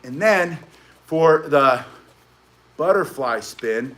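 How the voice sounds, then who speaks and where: A man's voice: fairly high pitch, animated, extremely slow, fairly bright tone. Chatty, rambling male martial arts instructor. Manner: rambling, chatty, goes off on tangents. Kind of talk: casual live tutorial, chatting with viewers.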